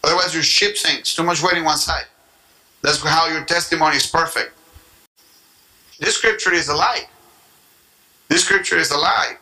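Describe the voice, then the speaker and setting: Animated preacher man, bright voice. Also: a little high, normal speed, creaky, pauses often, rough recording. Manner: animated preaching with acted-out prayer voices and tongues. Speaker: pastor. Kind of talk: sermon.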